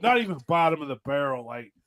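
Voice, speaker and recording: A man's voice: fairly high pitch, sing-song, fast talker, background noise. A man, hosting a podcast and telling rambling, profane stories in casual chat. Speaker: podcast host.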